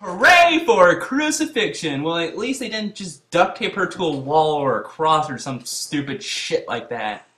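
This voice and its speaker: A young man giving comedic review commentary, sarcastic and profane, breaking into repeated yelled gags. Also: on the high side, normal speed, hardly any pauses. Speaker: video reviewer. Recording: roomy echo.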